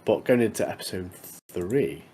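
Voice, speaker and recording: A man with a low, warm voice recaps a TV episode on a casual podcast, animated and speaking at normal speed. As co-host, his chatter rambles and is full of tags like "doesn't he" and "mate." The rough recording has a little hiss or hum.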